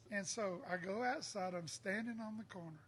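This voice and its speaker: An older man with a drawl spins a rowdy tale, jumping into other voices as he goes. His voice sits fairly high for a man. A faint hiss of noise runs under it. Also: normal speed. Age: 60s. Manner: lively storyteller acting out quotes. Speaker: songwriter guest. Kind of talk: casual storytelling.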